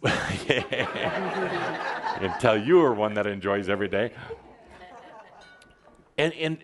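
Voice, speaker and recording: A man's voice: lowish voice, expressive, slow pace, over a noisy crowd, very noisy. A man giving a spiritual channeling talk to a live audience, playful and teasing as he exhorts them.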